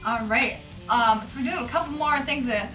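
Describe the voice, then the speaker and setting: A woman's voice: on the high side, a little fast, reverberant, music in the background. A woman co-hosting a podcast in a casual, playful chat, giggling and putting on a jokey announcer voice. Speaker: podcast co-host.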